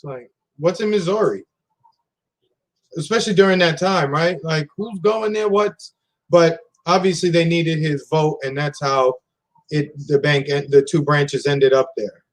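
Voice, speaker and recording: Conversational man, slightly high voice. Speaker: co-host reading viewer comments. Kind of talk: casual panel discussion.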